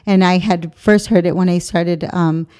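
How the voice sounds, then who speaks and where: A woman guest in an interview with a smooth, mellow, fairly low voice. She answers supportively and talks about her work, sometimes losing her thread. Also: fairly even intonation, normal speed. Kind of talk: interview conversation.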